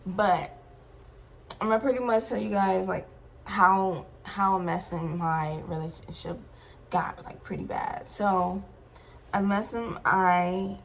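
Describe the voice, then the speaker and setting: A woman's voice: medium pitch, fairly even intonation, slow pace, gravelly, a little hiss or hum. A young adult woman vlogger telling a personal story in a casual, slangy, emphatic way, with many asides to her viewers.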